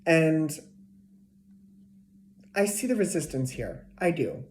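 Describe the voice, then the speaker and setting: A woman with a slightly low, mellow voice reads tarot cards for a zodiac sign in a loose, chatty way. She repeats herself, restarts her sentences, and sometimes drops to a hushed whisper. The recording sounds like a bare, echoey room. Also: big pitch swings, slow pace. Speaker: tarot reader. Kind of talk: casual tarot reading. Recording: echoey room with faint noise.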